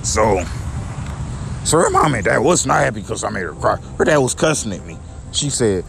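A young man delivers a personal rant to camera, circling back over the same complaints with frequent restarts. His voice is gravelly, and his pitch swings up and down with feeling. Soft music plays faintly behind him. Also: sing-song, normal speed. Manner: repetitive and aggrieved, with many restarts. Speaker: vlogger.

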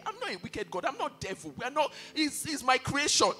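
Impassioned male pastor, sermon delivery, very lively pitch, long hall reverb. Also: brisk, hardly any pauses. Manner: impassioned, repeats key phrases for emphasis. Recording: reverberant hall with faint music behind.

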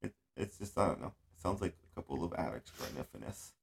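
A man hosts an easygoing podcast, rambling from one thought to the next. His voice is low and gravelly, and he swears freely and laughs a lot along the way. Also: animated, fast, slight background noise. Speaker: podcast host. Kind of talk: casual chat. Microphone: audio-only podcast recording.

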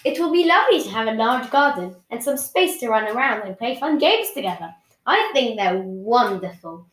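A cheerful mother of five reassures her children, as a woman reads her part in a storybook reading. The voice is fairly high and sits in an echoey room. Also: sing-song, moderate pace, fairly bright tone.

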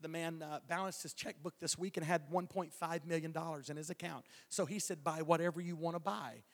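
A man's voice: a little high, fairly even intonation, a little fast. Folksy preacher man in a hall. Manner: folksy storytelling, stammering restarts, chuckles. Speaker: evangelist. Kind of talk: preaching a testimony. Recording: long hall reverb.

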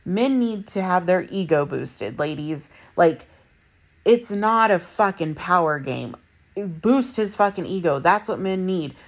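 A woman's voice: lowish voice, lively intonation, measured pace. A woman in her thirties, a mother, talking bluntly to her viewers about relationships, swearing freely and repeating points for emphasis. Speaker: vlogger. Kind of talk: candid personal monologue.

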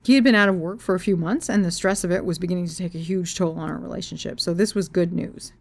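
A woman author reads aloud from her own memoir and novel, frank and expressive and cursing freely. Her voice sits a little low, recorded dry and close. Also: fast, no room sound. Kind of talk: storytelling reading of memoir and novel.

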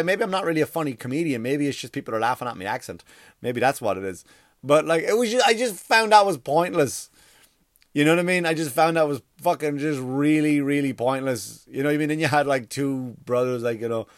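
A man's voice: on the high side, dry recording, clean studio sound. Rambling, swearing male comedian. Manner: rambling, profane, full of "like" and "you know". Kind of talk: comedic monologue. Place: workspace across from a school.

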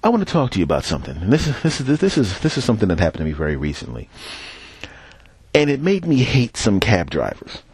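A man's voice: on the low side, huge pitch swings, fast talker, a little mellow, breathy edge, no echo. A man from Philadelphia hosting a podcast, telling a profane, rambling story in a casual monologue while walking down a city street and talking into a headset mic. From Philadelphia, USA. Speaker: podcast host.

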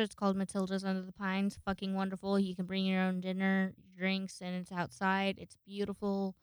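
A woman chatting alone on her podcast at home, rambling from one thought to the next and swearing freely. Her voice is smooth and resonant, recorded close and dry. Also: medium pitch, dry recording. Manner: rambling, swears freely, acts out quoted people. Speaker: podcast host. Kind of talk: casual solo podcast chat.

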